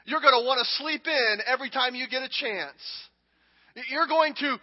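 A man preaching a sermon and acting out a king speaking, dramatic and emphatic, moving between hushed lines and shouting. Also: very high voice, normal speed. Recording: long hall reverb, dull audio.

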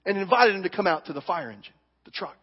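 A man with a very high voice preaches in a church, animated and emphatic as he tells stories. His voice comes through dull and muffled, with a long reverb trailing off the hall. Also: quick pace, breathy edge. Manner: animated, emphatic storytelling with acted quotes. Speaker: pastor. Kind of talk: sermon.

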